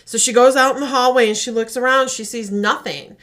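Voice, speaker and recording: A woman's voice: on the high side, fairly quick. A woman co-hosting a podcast, animatedly retelling a horror short and acting out the voices. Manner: animated storytelling, acts out voices. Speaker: podcast co-host.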